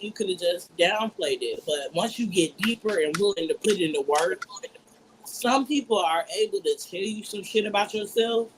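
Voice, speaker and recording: Blunt cussing woman on a group talk show, emphatic, light noise behind her. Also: fairly low pitch. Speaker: podcast co-host. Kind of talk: casual group discussion.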